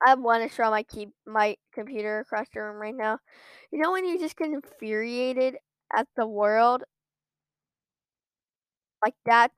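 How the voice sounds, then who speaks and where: A woman's voice: fairly high pitch, unhurried, fairly bright tone, smooth, no room sound. A woman giving live commentary on her own gameplay at a computer, ranting in frequent exasperated outbursts. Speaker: gamer streaming her own play.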